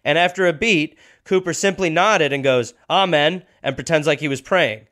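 A man's voice: on the high side, normal speed, fairly bright tone. A man hosting a comedy podcast, telling a history story casually with jokey asides. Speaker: podcast host.

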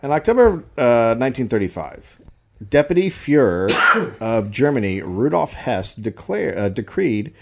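A man's voice: medium pitch, very animated, normal speed, gravelly, heavy background noise. A man hosting a comedy history podcast, reading old texts aloud and breaking off for dry jokey asides.

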